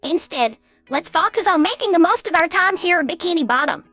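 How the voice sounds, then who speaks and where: A woman's voice: very high-pitched, expressive, a little fast, fairly bright tone, no echo, faint music behind. An AI voice clone voicing an eager undersea cartoon character who rallies her friends emphatically. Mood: urgent. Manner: rallying, emphatic.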